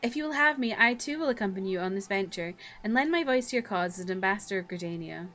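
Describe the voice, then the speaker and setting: A woman's voice: mid-range voice, animated, quick pace, a bit bright, soft background music, natural voice. A woman voicing a dignified female nation leader who speaks in stately, archaic phrases. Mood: solemn.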